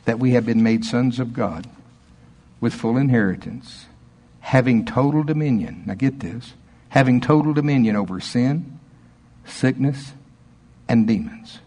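A man preaching a charismatic sermon, fervent, dropping to low murmurs and rising to excited storytelling. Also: breathy edge. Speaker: pastor.

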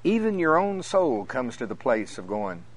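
At a normal speed and medium pitch, a middle-aged man preaches to his congregation. Laughing often, he tells lively stories and performs the voices of each person in them.

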